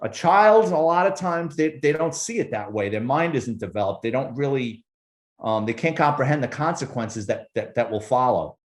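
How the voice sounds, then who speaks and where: A man who is a former police officer, telling animated, profanity-laced stories in casual conversation as a podcast guest. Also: medium pitch, moderate pace, reverberant. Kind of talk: casual storytelling.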